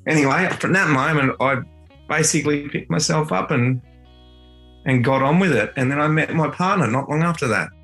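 A man's voice: a little high, normal speed, fairly bright tone, soft background music. A middle-aged Australian man telling a heartfelt personal story in an earnest, reflective way. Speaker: father and guitar teacher.

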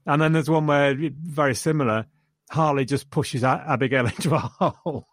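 A man's voice: fairly high pitch, fairly even intonation, normal speed, no room sound, studio quality. A man chatting about a film, retelling scenes with enthusiasm and chuckles. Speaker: film reviewer. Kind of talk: casual film discussion.

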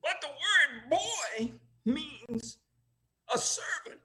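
Older man, animated high voice, emotional, laughs while talking, slow pace. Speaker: guest. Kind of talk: oral history storytelling.

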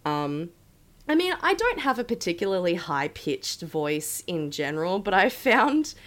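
Loud, excitable woman podcaster, lively pitch. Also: a little slow. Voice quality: very loud, laughs often, excitable. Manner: shrieking bursts of laughter, swears. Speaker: podcast co-host. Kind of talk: casual chat.

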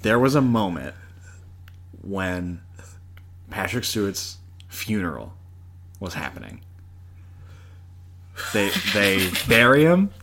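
A man co-hosting a casual podcast who tells stories excitedly and laughs often. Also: fairly low pitch, slow pace, pauses often. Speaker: podcast co-host. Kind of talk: casual chat.

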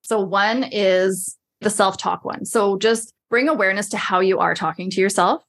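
A woman's voice: mid-range voice, normal speed, fairly bright tone. A woman in a casual podcast chat, talking as a coach, chatty and full of "like", acting out her own inner voice.

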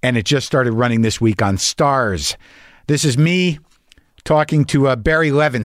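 A man's voice: mid-range voice, normal speed, no room sound, soft background music. A man hosting a podcast, talking in a rambling, profane, stop-and-start monologue. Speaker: podcast host. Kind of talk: casual monologue.

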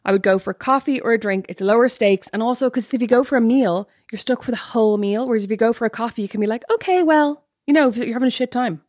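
Fast-talking woman, dry close mic. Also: fairly high pitch, no echo. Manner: animated, self-deprecating, rambling. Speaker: podcast co-host. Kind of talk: casual podcast chat.

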